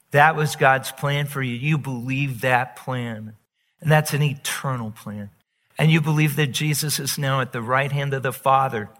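A man preaching a sermon as pastor, emphatic and animated, drawing out quoted words slowly. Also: medium pitch. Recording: long reverb of a large hall.

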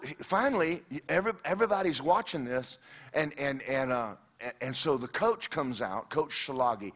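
Man preaching with animated storytelling. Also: mid-range voice. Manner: animated storyteller, frequent restarts, addresses audience directly. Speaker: pastor. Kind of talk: sermon with personal storytelling.

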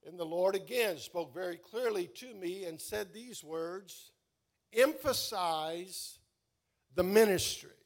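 Male pastor, unhurried sermon delivery, slightly high voice, dynamic swells and hushes. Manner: swells loud on key words then drops soft; slow, drawn-out emphasis.

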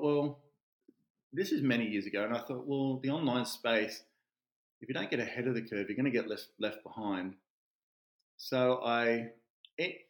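A man, a real estate agent and podcast guest, telling stories animatedly and acting out what people said. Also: medium pitch. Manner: animated storyteller who acts out quotes. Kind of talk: casual storytelling interview. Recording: roomy echoey sound.

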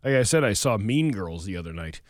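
A man's voice: fairly low pitch, brisk, no echo. A man co-hosting a morning radio show, joking in casual banter and reading the local news from a studio microphone. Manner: animated, joking, then reads news.

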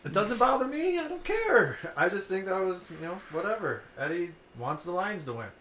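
A man's voice: sits high, sing-song, normal speed, pushed and bright, reverberant, slight background noise. A man co-hosting a sports podcast, teasing in a dry, laid-back way.

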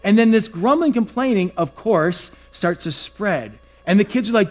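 Male pastor, casual storytelling sermon delivery, slightly higher voice. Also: moderate pace. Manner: conversational, animated storytelling with acted-out quotes.

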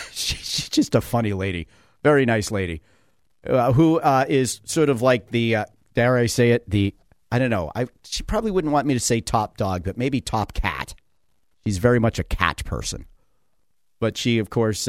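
A man's voice: medium pitch, no room sound, studio quality. A man hosting a talk radio show, rambling casually with lots of fillers and chuckles. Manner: chatty, digressive, many fillers and chuckles. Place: radio studio.

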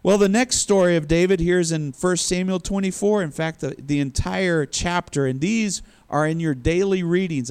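A man's voice: a little high, a little mellow, clear, resonant tone. A man preaching a sermon, retelling a story with chuckling asides and acted-out quotes. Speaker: pastor.

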